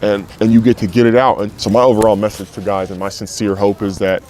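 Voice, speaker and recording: Frank, low-voiced former football player. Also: male voice, flat delivery, quick pace, a little mellow, slight background noise. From United States. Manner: frank and emotional, swears freely, acts out quoted voices. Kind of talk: candid interview.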